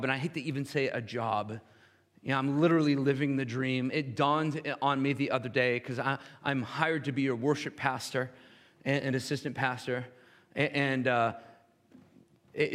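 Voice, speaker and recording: Earnest worship pastor in a reverberant church. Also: male voice, mid-range voice, steady tone, normal speed, a bit bright. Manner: earnest, repeats words, stammering restarts. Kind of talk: sermon. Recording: long hall reverb.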